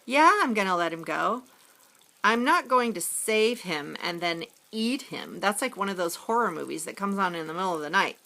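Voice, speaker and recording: A woman's voice: mid-range voice, normal speed, vocal fry. A woman reading as an eager, goofy young boy. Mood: joking. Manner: excited, jokey.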